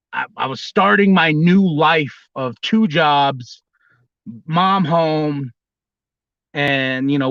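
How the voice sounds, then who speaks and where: Man in his thirties, livestream host, rambling storyteller, slightly high and bright, dull dry lo-fi sound. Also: dry recording. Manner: rambling, restarts, bursts into high squealing impressions. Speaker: livestream host, former wrestler.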